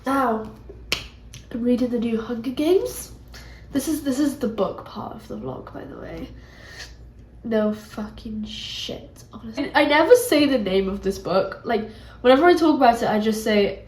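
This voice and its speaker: A woman's voice: a little high, animated, unhurried, darkish tone. A young woman with a British accent vlogging from a resort hotel room, rambling and self-mocking, sounding congested. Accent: British English. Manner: chatty, self-mocking, swears casually. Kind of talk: casual rambling vlog talk. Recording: echoey room with faint ambience.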